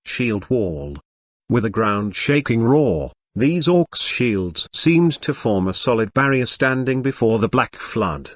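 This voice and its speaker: Lively synthetic male narrator. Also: mid-range voice, slow pace, no room sound, studio quality. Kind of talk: scripted audiobook narration.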